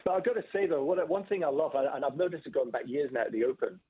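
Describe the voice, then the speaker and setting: Male guest expert, measured explainer, husky tone, phone-line audio. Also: fairly high pitch, lively intonation. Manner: measured, explanatory, fond of "subtle" and "right?". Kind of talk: radio phone interview.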